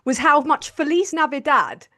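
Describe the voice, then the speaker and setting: A woman hosts a live stream with a bright, higher voice. She is loud, bubbly and quick to joke. She swears freely, and she talks over a video call. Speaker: host of a live political stream. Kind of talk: casual comic chat.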